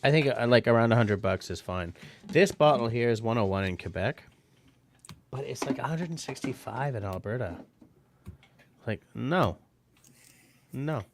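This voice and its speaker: A man's voice: mid-range voice, expressive, moderate pace, long pauses, slight background noise. A man hosting a livestream, chatting casually and rambling a little while he tastes whiskey. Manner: chatty, rambling, self-deprecating. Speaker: livestream host.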